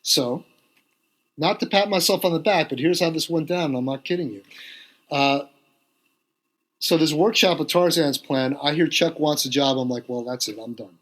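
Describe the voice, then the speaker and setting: A middle-aged man, a drummer being interviewed on a podcast, telling a long anecdote with lively quoted voices. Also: a little high, moderate pace, pauses often. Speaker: guest drummer.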